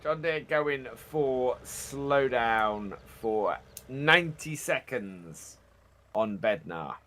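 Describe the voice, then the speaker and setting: A man doing live esports commentary on a farming game, animated and quick to laugh. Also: mid-range voice. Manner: animated, laughs often, drawn-out phrasing.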